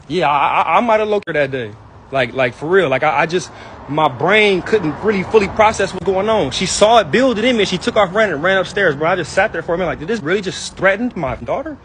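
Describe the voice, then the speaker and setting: A man's voice: sits high, a bit bright, a little hiss or hum, low-quality recording. A young man in a heated personal rant, angry and hurt, talking in slang and repeating himself.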